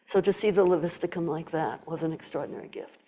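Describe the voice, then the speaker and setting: An older woman tells a personal story to a gathered audience, in a low and mellow voice. She acts out the voices of the people she quotes, and now and then drops to a whisper. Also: quick pace. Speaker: Zen teacher giving a talk. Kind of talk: storytelling dharma talk.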